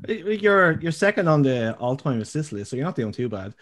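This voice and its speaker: A man's voice: fairly high pitch, very animated, moderate pace, a bit bright. A man hosting a casual interview, chatty and bantering, often restarting his words. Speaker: interviewer, host.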